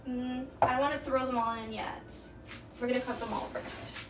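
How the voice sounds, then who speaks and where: A young Québécois streamer whose first language is French chats casually and giggles with viewers while cooking on a livestream in her home kitchen. Her voice sits high, with a steady tone and moderate pace. The recording is noisy and echoey, with the mic at a distance.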